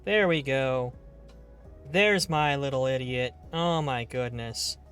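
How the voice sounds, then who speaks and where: A man's voice: mid-range voice, slow, a bit bright, smooth, soft background music. A man streaming a game live, chatting casually in a rambling, playful way and swearing now and then.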